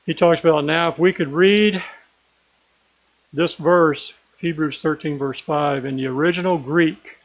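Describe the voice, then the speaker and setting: A man preaching a sermon in an earnest way, slowing down and stressing key words as he reads scripture aloud. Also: a little high, steady tone, poor audio.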